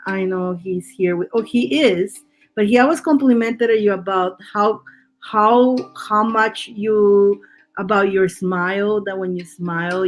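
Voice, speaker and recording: Woman tarot reader on a live stream; reassuring, chatty, stumbles and repeats herself; faint background music. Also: on the low side. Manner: reassuring, chatty, many restarts and repeated words. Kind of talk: live-streamed psychic reading.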